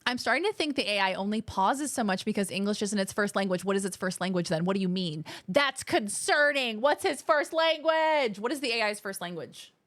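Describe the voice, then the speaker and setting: A woman's voice: mid-range voice, expressive, brisk, hardly any pauses, a bit bright. An American woman chatting playfully with viewers on a live stream, now and then slipping into mock accents. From United States. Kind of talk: casual live-stream chat.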